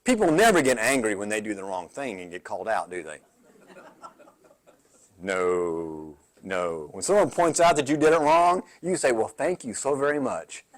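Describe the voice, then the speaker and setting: Here a pastor with a lowish voice teaches a midweek Bible study at a moderate pace, sounding very animated. His style is chatty, peppered with "right?" to the group and frequent repeated words.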